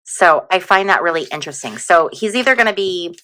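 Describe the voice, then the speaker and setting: Give me a chatty woman reading tarot cards in a bright, slightly low voice. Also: animated, brisk, slight background noise. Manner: chatty, giggly, lots of fillers like "like" and "you know". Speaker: tarot reader. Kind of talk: casual tarot reading monologue.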